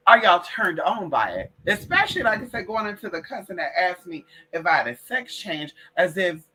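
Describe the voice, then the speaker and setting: Woman, livestream host, bright edgy tone, casual profane chat, talks to viewers as y'all. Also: fairly low pitch, normal speed, husky. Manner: animated and profane, calls listeners girl and y'all.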